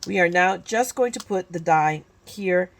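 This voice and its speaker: A woman's voice: fairly low pitch, measured pace. A woman in her fifties from California, chatting through a crafting tutorial with lots of restarts and self-mocking asides. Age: 50s. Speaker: crafting YouTuber. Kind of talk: casual crafting tutorial chat.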